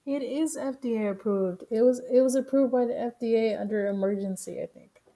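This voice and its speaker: A woman's voice: a little high, fairly quick, mellow. A young woman streaming, casually reacting with profane, joking commentary.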